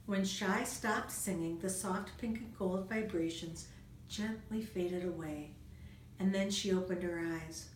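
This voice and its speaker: A woman reading a children's storybook aloud in a gentle, expressive storytelling manner. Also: fairly low pitch, measured pace. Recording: roomy room, distant mic, faint noise.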